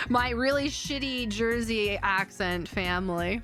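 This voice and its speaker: A VTuber streamer wraps up a casual chat stream, rambling and giggling with her viewers and reading chat aloud. Her voice is on the high side and fairly bright, a little slow, with fairly even intonation, over soft background music.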